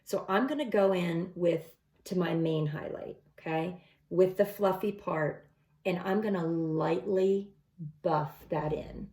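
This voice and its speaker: Middle-aged lady walking thru her makeup routine, bit of fry in a lowish voice, roomy echo. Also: slow pace, warm tone. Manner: chatty, step-by-step instructions. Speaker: makeup tutorial host. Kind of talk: casual makeup tutorial. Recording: echoey room.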